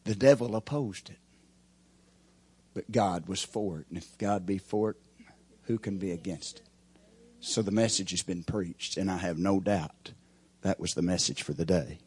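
A man preaching a sermon as pastor, with folksy grammar, swinging from shouted peaks to hushed, quiet lines. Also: low voice, normal speed, slightly rough.

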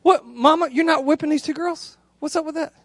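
A man preaching a sermon, telling animated stories and calling out directly to the congregation. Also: very high voice, brisk, no echo. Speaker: pastor.

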